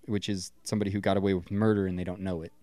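A man's voice: low-pitched, level tone, rapid-fire, dark tone, no echo. A Scottish man co-hosting a podcast, riffing about a movie in a rambling way and swearing freely. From Scotland. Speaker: podcast co-host. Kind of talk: casual movie commentary chat.

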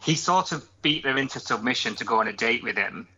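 A man's voice: mid-range voice, brisk, pushed and bright, a little hiss or hum. A man contributing to a podcast, recounting a show in casual review chat. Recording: dull lo-fi sound.

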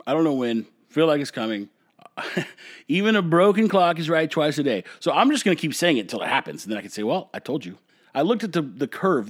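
A man from the United States hosting a solo podcast, giving blunt, opinionated rants that swing between calm talk and heated bursts. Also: mid-range voice. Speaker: podcast host.

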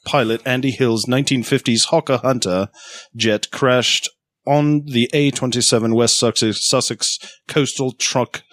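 A man attempting a halting British news reader. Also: medium pitch, steady tone, a bit bright, no room sound, close to an everyday voice. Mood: careful. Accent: put-on British.

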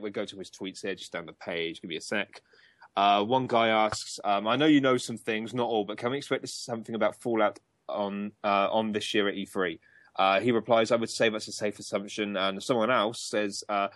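Guy hosting a gaming podcast, lowish voice, dead dry close mic, rambly with lots of ums. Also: dry recording. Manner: chatty, many ums and restarts, laughs easily. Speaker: podcast co-host. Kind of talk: casual gaming podcast chat.

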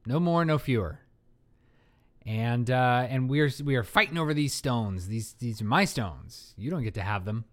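A man's voice: medium pitch, animated, moderate pace, fairly bright tone. Joking man co-hosting a board game podcast. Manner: joking, rambling, self-mocking. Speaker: podcast co-host. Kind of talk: casual chat about board games.

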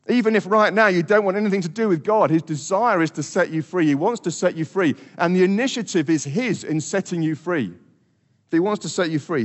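A man preaching a sermon with earnest, repeated emphasis, sometimes dropping soft and quiet. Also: fairly high pitch. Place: church hall. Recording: long hall reverb.

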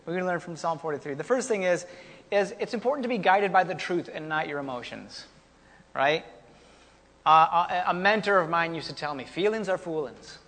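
A man with a high voice preaches in a relaxed, conversational way and drops in folksy asides to his congregation. His voice rings out with a long reverb, as if in a church hall. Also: normal speed. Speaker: pastor. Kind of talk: sermon.

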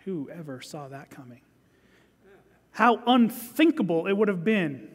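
A man preaching a sermon as pastor, swinging from loud emphasis to hushed scripture reading. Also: high voice, expressive, measured pace, husky, in a large hall.

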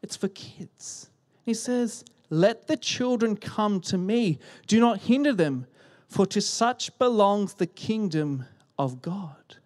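A man preaching a sermon in a church, animated and shifting between loud emphasis and hushed whispers, speaking into a handheld microphone. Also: high-pitched, takes it slowly. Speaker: pastor. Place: church hall.

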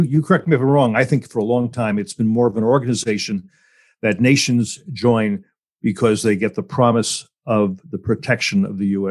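A man's voice: lowish voice, a little mellow. A man moderating a policy discussion, putting questions to the panelists in a conversational, hedging way.

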